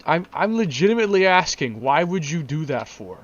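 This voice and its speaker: A man's voice: on the high side, very animated, fairly quick. A man in a casual vlog, ranting in exasperated disbelief, repeating himself and laughing. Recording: dull lo-fi recording.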